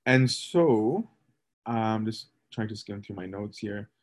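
A male priest teaching on a scripture passage in a relaxed, conversational way, reading verses aloud and often checking in with "right?". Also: lowish voice, slow pace. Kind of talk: scripture study talk.

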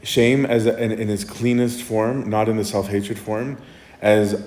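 A priest answering questions in a casual, conversational way, often checking in with "right?". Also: male voice, lowish voice, fairly even intonation, a little slow, a little mellow. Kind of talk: casual Q&A talk. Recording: echoey room.

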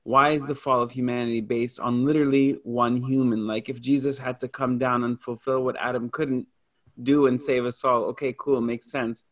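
A man's voice: medium pitch, level tone, normal speed. A man hosting a casual discussion, informally asking questions about faith.

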